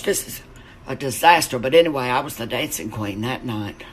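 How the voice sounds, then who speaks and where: This man, a lockdown vlogger, is casually storytelling to camera from his home, full of camp, chatter and free swearing. He talks fairly quickly in a medium, slightly bright voice, with a bit of background noise.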